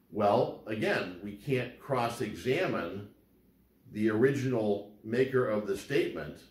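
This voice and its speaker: A man with a fairly low voice lectures on law in a loose, conversational way, circling back and repeating words as he works through each point. The recording has a noticeable roomy echo.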